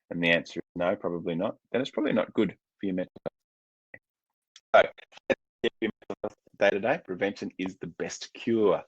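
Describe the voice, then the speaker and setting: A man with a low, deep voice talks through a webinar as a coach. His delivery is loose and conversational, full of ums and restarts. The sound is dry and dull, a bit muffled. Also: slightly rough, no echo. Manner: casual and chatty, with many fillers and restarts. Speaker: mental health coach. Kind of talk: webinar presentation.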